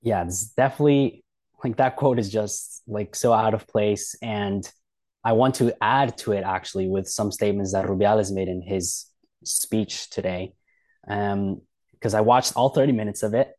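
A man's voice: fairly low pitch, moderate pace, darkish tone. A man co-hosting a podcast, talking casually and indignantly with lots of filler words. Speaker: podcast co-host.

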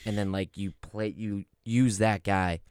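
A man's voice: on the low side, fairly even intonation, measured pace, a little mellow, clean tone, no echo, studio quality. A young man co-hosting a casual sports podcast, laid-back and rambling. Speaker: podcast co-host.

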